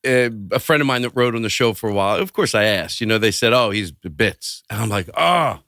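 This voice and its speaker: Animated man acting out bits, dry sound. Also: fairly low pitch, fast talker, no echo. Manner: animated, acts out bits with sudden loud outbursts. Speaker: podcast guest. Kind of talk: casual chat.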